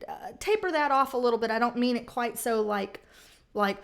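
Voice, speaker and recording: A woman with a high voice reads tarot cards for her viewers in a loose, chatty way. She is blunt and salty, and she swears freely as she talks it through. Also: lively intonation, moderate pace, gravelly. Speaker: tarot reader. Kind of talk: casual tarot reading.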